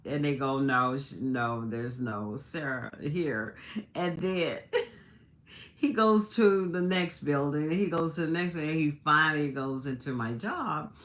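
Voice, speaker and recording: A middle-aged woman speaks casually to her live viewers. Her voice sits very low, and she talks slowly. She laughs as she goes and keeps restarting her sentences. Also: fairly bright tone. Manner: chatty, laughing, with many restarts. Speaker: livestream host. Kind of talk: casual storytelling to a live audience.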